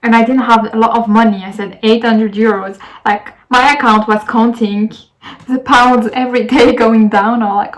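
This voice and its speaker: A woman's voice: on the high side, steady tone, normal speed, poor audio. A young woman with a French accent, telling a rambling story to her camera in a casual vlog, with lots of fillers and restarts. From France. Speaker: vlogger.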